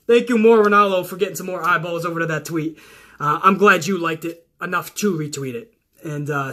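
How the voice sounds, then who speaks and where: A man hosting a wrestling talk video, ranting casually and swearing, often rising into yelling. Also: high-pitched. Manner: loud, swearing, flares into yelling. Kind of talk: profane casual rant to camera.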